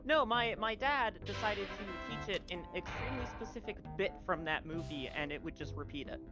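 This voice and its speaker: A woman telling a casual story on a gaming stream, halting and full of restarts. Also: medium pitch, lively intonation, over loud music. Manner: rambling, halting, many fillers and restarts.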